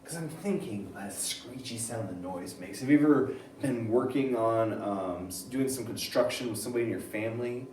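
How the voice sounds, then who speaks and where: A male teacher giving a reading lesson, reading passages aloud and thinking out loud about them. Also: medium pitch, normal speed, hardly any pauses, a little hiss or hum. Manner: animated, switching between reading aloud and thinking aloud. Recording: roomy sound, mic at a distance, faint ambience.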